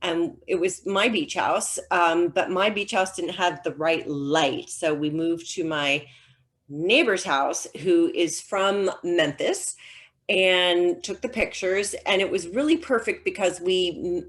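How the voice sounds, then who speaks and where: Middle-aged lady writer, kinda low voice, chatty, lots of ums, video call. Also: fairly bright tone. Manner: chatty storyteller with frequent ums and restarts. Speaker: novelist, guest author. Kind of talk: casual conversational interview.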